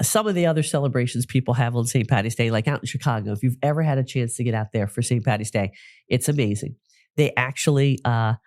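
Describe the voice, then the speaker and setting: A man's voice: mid-range voice, darkish tone, no echo, studio quality. A man from New Jersey hosting a podcast, telling stories in a chatty solo talk with frequent restarts. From New Jersey, United States. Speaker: podcast host, psychic medium.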